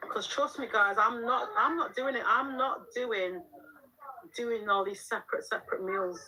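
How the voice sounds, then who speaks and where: A woman's voice: on the high side, lively intonation, normal speed, bright, forceful tone, slightly rough, rough recording. A middle-aged woman, chatting frankly on a live stream as a mum, laughing often and answering the chat. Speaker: livestream host and mum. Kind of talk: casual live-stream chat reading viewer comments.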